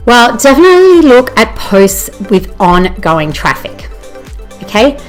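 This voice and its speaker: A woman's voice: on the high side, very animated, measured pace, soft background music. An Australian woman giving an enthusiastic, conversational presentation, often checking in with "you know" and "okay?". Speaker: presenter teaching bloggers. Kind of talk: presentation talk.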